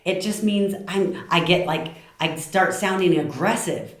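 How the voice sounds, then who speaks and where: A middle-aged woman giving tips on communication, passionate and lively, acting out short quoted lines. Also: fairly low pitch, unhurried, roomy sound. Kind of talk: talk to camera.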